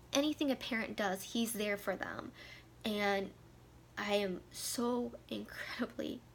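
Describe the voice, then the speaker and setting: A woman's voice: mid-range voice, gravelly, a little hiss or hum. A woman in her thirties talking candidly to camera, emotional and tearful, her voice sometimes sinking to a near whisper. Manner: emotional, heartfelt, voice dropping to a near whisper at times. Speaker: vlogger. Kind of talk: candid personal talk to camera.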